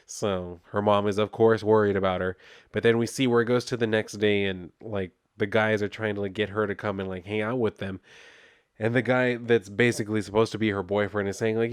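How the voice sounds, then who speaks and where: Laid-back man with a low voice. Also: steady tone, a little fast, clear, resonant tone, no echo, clean studio sound. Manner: laid-back, loose, full of "like" and "or whatever". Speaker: comic book reviewer. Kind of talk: casual spoken review.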